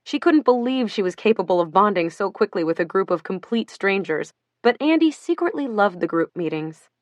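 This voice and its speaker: A woman reading a novel aloud as an audiobook narrator, in a steady, even storytelling manner. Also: mid-range voice, brisk, no room sound. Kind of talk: scripted narration.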